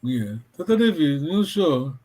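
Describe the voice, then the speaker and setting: Patient male tutor on a video call, unhurried delivery, voice a touch high. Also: sing-song, darkish tone. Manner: patient, keeps checking that students follow. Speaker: language teacher. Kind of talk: online language lesson.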